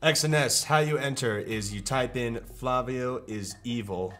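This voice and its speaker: A man's voice: medium pitch, unhurried, a crowd in the background. A man co-hosting a live gameplay stream, dropping dry quips and short reactions. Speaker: streamer co-host.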